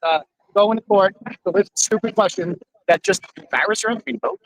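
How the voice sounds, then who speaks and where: A man being interviewed in a casual chat, animated and mocking. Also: high voice, fairly quick, low-quality recording. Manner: animated, mocks people with put-on voices. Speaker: interview guest.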